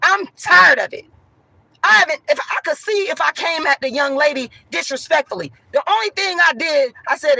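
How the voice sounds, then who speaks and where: A woman venting loudly and emphatically to her viewers, repeating herself as she talks. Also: high voice, expressive, moderate pace, vocal fry, dry recording, low-quality recording. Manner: loud, emphatic and repetitive. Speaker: vlogger.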